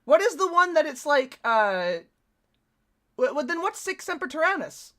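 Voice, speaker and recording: A woman live streaming, reacting to a video in casual, excitable chat and swearing freely. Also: high-pitched, moderate pace.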